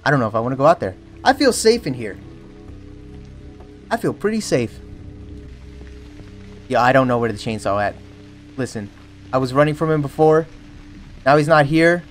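Jumpy, animated young man streaming a game. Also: mid-range voice, moderate pace, pauses often. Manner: jumpy, jokey, yelps and panics at scares. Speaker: streamer playing a horror game. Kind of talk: let's play commentary. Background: faint game music.

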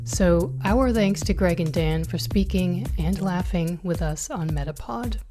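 Low-voiced woman hosting over music. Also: a little slow, warm tone. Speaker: podcast co-host. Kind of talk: podcast hosting. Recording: music bed behind voice.

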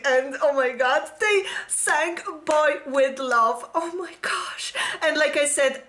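Gushing high-voiced woman reacting. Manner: gushing, squealing, sings along. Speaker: reaction video host. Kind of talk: excited reaction commentary. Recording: music playing loudly behind. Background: pop music playing.

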